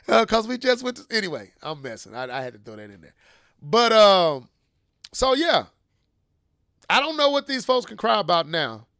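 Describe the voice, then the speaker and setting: High-voiced excitable man chatting games. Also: moderate pace, no room sound, clean studio sound. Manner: excitable, playful, slangy. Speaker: podcast co-host. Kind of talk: casual gaming chat.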